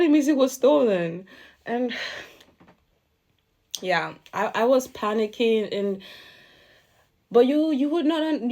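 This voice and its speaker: Chatty young woman telling a story. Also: fairly high pitch. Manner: chatty, animated, laughs while telling. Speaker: vlogger. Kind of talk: casual storytime.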